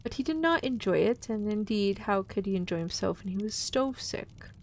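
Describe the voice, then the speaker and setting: A woman streamer reads a classic tale aloud, with casual, playful asides to her chat. Her voice sits at an everyday middle pitch. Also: lively intonation, normal speed. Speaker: vtuber host reading a story.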